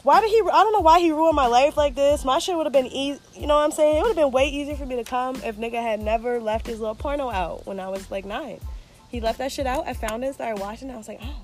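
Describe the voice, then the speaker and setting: A young woman co-hosting a casual chat, blunt and profane, telling animated stories. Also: sits high, fast talker, faint music behind.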